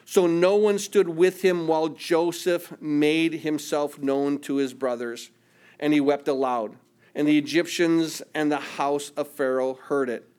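Higher-voiced man preaching a sermon. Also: fairly even intonation, measured pace, smooth. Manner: earnest preaching, voice dropping soft in quoted prayers. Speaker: pastor.

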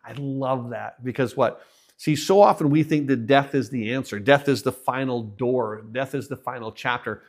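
A man preaching a sermon, telling a story with his voice rising and then dropping almost to a hush. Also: mid-range voice, fairly even intonation, moderate pace. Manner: storytelling, voice swells and drops to near hush.

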